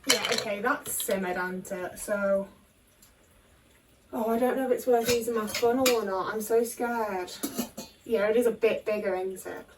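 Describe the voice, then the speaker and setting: A woman's voice: medium pitch, fairly even intonation, moderate pace, far from the mic, noisy background. A young woman chatting anxiously to the camera while cooking in her home kitchen, questioning herself and swearing often. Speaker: vlogger. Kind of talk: casual cooking vlog talk.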